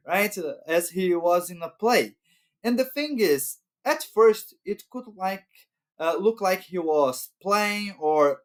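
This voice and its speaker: A man's voice: sits high, fairly bright tone. Man explaining at an easy pace. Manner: unhurried, explaining with frequent "right?" checks. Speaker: channel host. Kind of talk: educational talk to camera.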